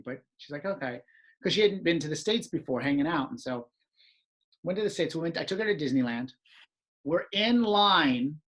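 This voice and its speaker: A man's voice: fairly high pitch, a bit bright. A man hosting a podcast, telling stories in a casual chat and laughing often. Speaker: podcast host.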